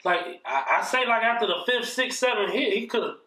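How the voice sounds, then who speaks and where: A man's voice: sits high, lively intonation, fairly quick, bright, forceful tone, recorded from a distance. A man casually telling a story from his childhood, profane and rambling, often checking in with "you know what I mean". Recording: roomy echo, mic set back.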